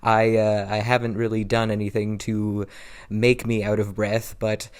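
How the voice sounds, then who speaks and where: A man's voice: lowish voice, completely flat delivery, measured pace, clean tone. A man rambling in a casual home vlog, self-deprecating and repeating himself, a little out of breath, recorded on a camera's built-in mic. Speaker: vlogger. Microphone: built-in camera mic, low angle.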